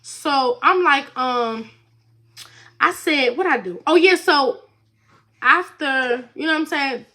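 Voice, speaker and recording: Bright, chatty young woman telling a story. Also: sits high, slow, long pauses. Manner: chatty, rambling, lots of fillers and "like". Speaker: vlogger. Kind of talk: casual storytime.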